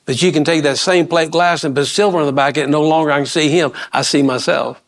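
During a sermon, a middle-aged pastor speaks in a fairly high, lifting voice with a steady tone. Rising emphasis and quick questions aimed at the pews drive his points home, while folksy asides and repeated words recur throughout.

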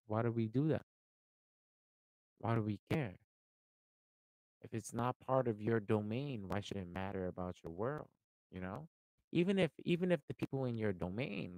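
A man hosting a podcast, talking casually in an animated, profane, rambling way with many fillers. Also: on the low side, vocal fry, dry recording, rough recording. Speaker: podcast host.

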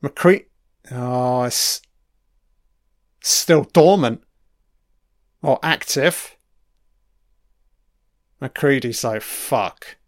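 Slow, profane man doing film commentary. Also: mid-range voice, dry recording, clean studio sound. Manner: profane, enthusiastic, frequent swearing; rambling with trailing-off asides. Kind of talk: casual audio film commentary.

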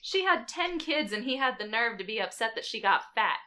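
A woman's voice: fairly high pitch, very animated, fairly quick, bright, forceful tone. A woman co-hosting a podcast in casual chat, playful and swearing, with frequent giggles. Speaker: podcast co-host.

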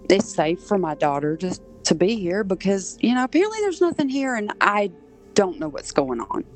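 A woman from southern Georgia, appearing as a podcast guest, earnestly tells a personal story step by step. Her voice is fairly low-pitched, and the recording quality is poor.

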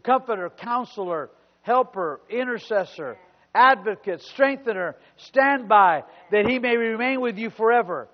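In a church, a man preaches a sermon as pastor and calls out to his congregation. His high-pitched voice has lively intonation and a measured pace, with a big-room sound. The recording is dull and lo-fi.

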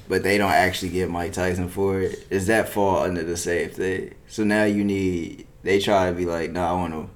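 A young man in casual chat, hesitant and laid-back, full of slang and laughter. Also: low voice.

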